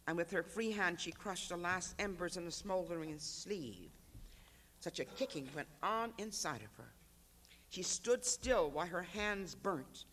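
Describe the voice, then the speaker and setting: An author reads a literary excerpt aloud at a panel. The voice sits high for a man and the narration moves at an even, rhythmic pace. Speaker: author reading. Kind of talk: literary reading.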